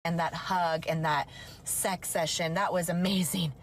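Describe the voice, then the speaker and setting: A woman giving a scripted monologue for social media. She reels off long lists in a steady rhythm and lectures with a wry edge. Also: on the low side, a little slow, a crowd in the background.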